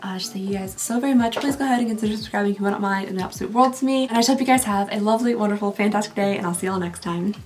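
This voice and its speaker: A woman's voice: medium pitch, rapid-fire, hardly any pauses, noisy background. A woman, chatting casually while doing her makeup. She rambles and laughs often, and her voice is getting tired. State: losing her voice. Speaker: beauty vlogger.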